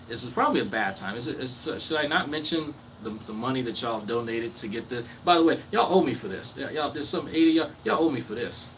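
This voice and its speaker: A man's voice: medium pitch, sharp tone, rough recording. A man on a casual livestream, reading chat comments aloud and taunting a rival in a mocking, profane way. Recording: clear background noise with crickets.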